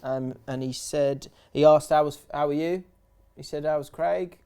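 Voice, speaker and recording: A young man, co-hosting a casual football podcast, telling stories with quick sweary asides. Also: on the high side, smooth. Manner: animated storytelling, laughs, quick sweary asides. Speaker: podcast co-host.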